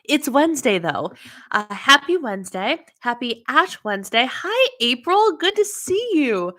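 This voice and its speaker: Woman host, chatty and upbeat, bright voice, for a casual livestream. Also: high-pitched, very animated, a little slow. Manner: chatty, greets viewers by name, frequent laughs.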